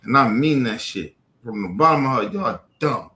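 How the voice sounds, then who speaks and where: A man in an angry, profane rant, repeating himself, swearing constantly, swinging from near-shouts down to low mutters. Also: lively intonation, normal speed, roomy sound. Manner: heated, repetitive, swears constantly, rising to near-shouts then dropping low. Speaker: streamer ranting on camera.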